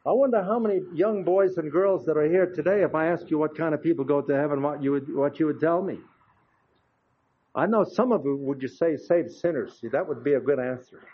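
A man's voice: on the high side, fairly quick, husky. An older man preaching in a folksy, chatty way, telling anecdotes with frequent asides to the congregation. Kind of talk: folksy storytelling sermon. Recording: dull lo-fi recording.

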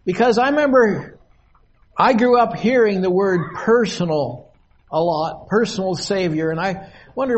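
Older man, preacher, high voice, unhurried delivery, pausing often, sermon at a podium. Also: dull audio. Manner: slow, measured, with long pauses. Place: meeting hall, at a podium.

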